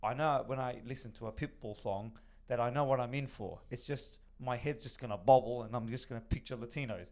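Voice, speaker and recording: A man with a hoarse voice from shouting, chatting casually on a podcast, rambling and swearing. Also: medium pitch, a little fast, hardly any pauses. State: hoarse, lost voice. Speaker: podcast co-host. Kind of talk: casual chat.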